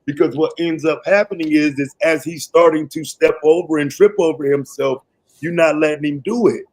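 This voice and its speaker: A man hosting a live stream debate, laid-back and slangy, using lots of fillers while trying to calm things down. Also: a little high, moderate pace, low-quality recording. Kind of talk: casual debate moderating.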